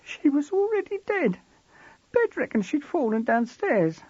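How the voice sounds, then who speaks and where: A man's voice: very high-pitched, sing-song, unhurried, a little mellow, no echo, lo-fi sound, pitched above the performer's own voice, heavily acted. A man voicing a frightened, sullen teenage schoolboy who whines and stammers. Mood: tearful. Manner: whiny, panicky, stammering.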